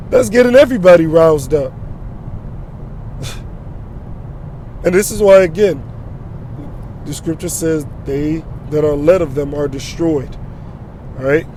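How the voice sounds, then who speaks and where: A man's voice: sits high, mellow, a little hiss or hum. A man preaching an informal sermon while traveling, quoting scripture and checking in with "all right?" and "you know?".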